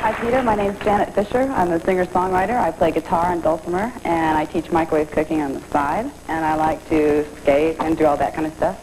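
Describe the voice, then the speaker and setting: A woman introducing herself on a game show in a low voice. She sounds cheerful, with hiss clearly heard on the old TV recording. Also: steady tone, a little fast, hardly any pauses. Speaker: contestant. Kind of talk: self-introduction.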